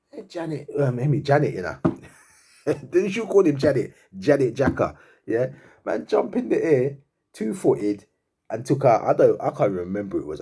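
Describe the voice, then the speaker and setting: A man's voice: fairly low pitch, warm tone, breathy edge. A man giving a fan's reaction to a football match, laughing and disbelieving, repeating himself in slangy chat. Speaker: football fan commentator. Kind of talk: animated fan reaction rant.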